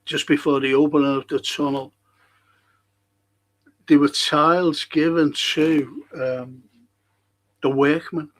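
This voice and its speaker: A man hosts a casual live stream, chatting in a rambling, unhurried way. His voice sits a little high for a man, and he takes his time between thoughts. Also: fairly bright tone, rough recording. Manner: chatty, rambling, reads out viewer comments.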